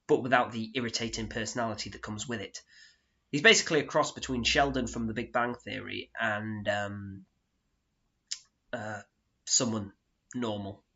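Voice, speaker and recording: Brief: dry self-mocking man for a solo stage monologue, bright tone, dull sound. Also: fairly low pitch, normal speed. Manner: deadpan, sardonic, self-mocking. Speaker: solo performer narrating in character. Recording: dull lo-fi recording.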